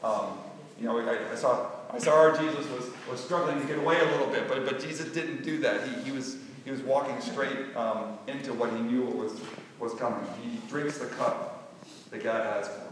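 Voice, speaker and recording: A man's voice: mid-range voice, normal speed. A man teaching a casual Bible lesson and staging a skit, talking in a rambling way with many restarts and fillers. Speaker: youth or Bible class teacher. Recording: echoey hall, mic far off.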